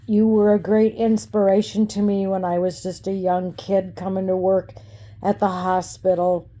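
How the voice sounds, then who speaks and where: Dark-toned, tender woman's greeting. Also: mid-range voice. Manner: emotional, tender. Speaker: former coworker sending video greeting. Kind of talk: heartfelt personal video message.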